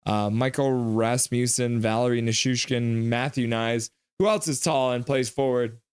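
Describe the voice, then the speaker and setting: A man's voice: mid-range voice, measured pace, clean tone, no room sound. A young man hosting a live reaction stream, joking with his chat and calling hockey play. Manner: joking, excitable, banters with chat.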